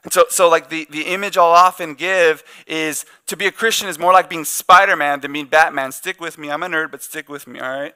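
Bright, high-voiced man preaching. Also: fairly even intonation, fairly quick, hardly any pauses, clean tone. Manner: conversational, joking asides. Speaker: pastor. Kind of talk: sermon. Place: church.

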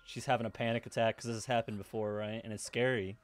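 A man casually reacting to an anime episode, excitable, swearing and laughing often as he talks. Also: on the low side, fast, very noisy.

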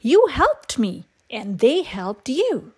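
A woman's voice: sits high, huge pitch swings, slow pace, a little mellow, slightly rough, full character voice. A woman voicing a big, self-important male dump truck in a storybook, bossy and pushy, brushing everyone aside. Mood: grateful.

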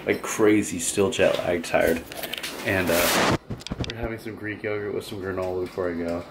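A man's voice: low-pitched, steady tone, normal speed, heavy background noise. A young man narrating his day to the camera in an upbeat, casual way. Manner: upbeat, talks straight to the camera. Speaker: vlogger.

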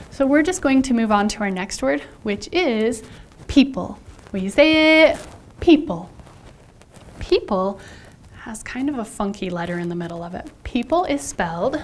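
A woman teaching first graders sight words, animated and spelling out letters one at a time. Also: on the high side. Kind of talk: sight word lesson for children.

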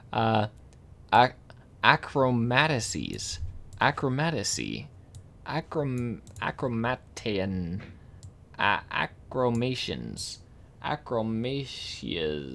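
Male streamer, slow gravelly delivery with a lively, bouncing pitch; sounds out tricky words, stumbles and self-corrects, dry asides. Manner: dry amused asides to himself. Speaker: streamer reading a dictionary aloud. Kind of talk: casual reading of dictionary words.

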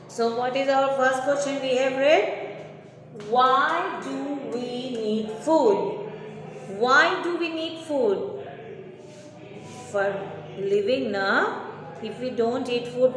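A woman teacher, giving an online lesson to young children and explaining slowly with repeated checks like "okay?". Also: a little high. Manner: slow, repetitive explaining with question tags. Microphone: online class recording. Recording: echoey room with long reverb.

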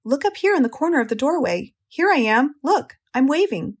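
A woman voicing a kindly, clever female spider in an audiobook, calm and a little fancy in her speech. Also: high-pitched, normal speed, pitched above the performer's own voice.

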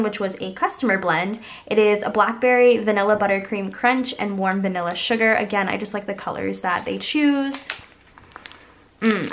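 A woman's voice: medium pitch, a little hiss or hum. A young woman with a congested, stuffy voice, chatting casually and rambling through a shopping haul with lots of filler words. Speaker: haul vlogger.

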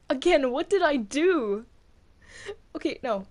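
A woman's voice: high voice, lively intonation, slow pace, a little mellow. A woman playing a bewildered cartoon angel on trial. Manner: bewildered, protesting, stammering. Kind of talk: casual game role-play.

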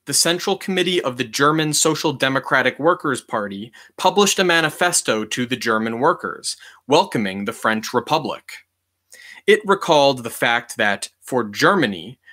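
Forceful man reading history aloud. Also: mid-range voice. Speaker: reader of a history book. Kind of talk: reading a nonfiction book aloud.

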